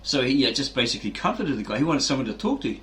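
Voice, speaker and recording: A mid-range male voice, sing-song and fast, sounds a bit bright. He's a fitness channel host rambling casually through an explanation, acting out quotes and keeping up a steady stream of "right?"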